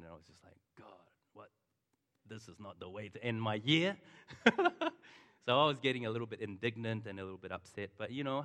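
A man's voice: on the low side, a bit bright. A middle-aged man preaching a sermon as a pastor, telling a personal story in a conversational way and turning to the congregation with asides. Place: church hall. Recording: long reverb of a large hall.

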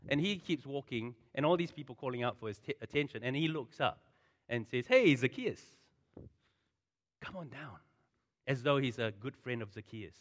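A pastor giving a sermon in a conversational, animated way, full of asides and storytelling. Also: male voice, medium pitch, fairly quick. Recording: long hall reverb.

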